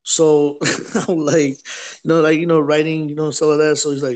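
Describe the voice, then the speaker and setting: A man's voice: fairly high pitch, flat delivery, moderate pace, a little mellow. A man hosting a livestream who tells a story in casual chat, acting out quotes and saying "right?" and "bro" often. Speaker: livestream host.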